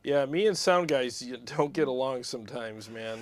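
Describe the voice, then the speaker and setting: A man hosting a casual livestream, animated and blunt, laughing often as he talks shop. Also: mid-range voice, normal speed. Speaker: host of a guitar gear livestream.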